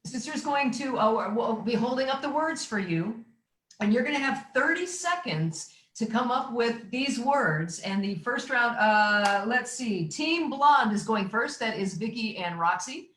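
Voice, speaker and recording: A woman co-hosting a comedy game show over a video call, brash and teasing with quick asides. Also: on the high side, expressive, a bit bright, reverberant, a little hiss or hum.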